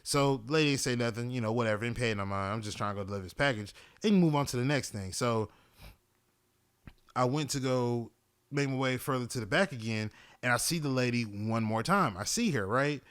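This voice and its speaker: A young man recounts his day on a podcast, animated and full of swearing. His pitch is mid-range for a man, and his pace swings as he vents and repeats himself. He sounds casual and conversational throughout. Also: fairly quick, clear, resonant tone. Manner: animated, profane, venting. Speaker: podcast host. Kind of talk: casual storytelling.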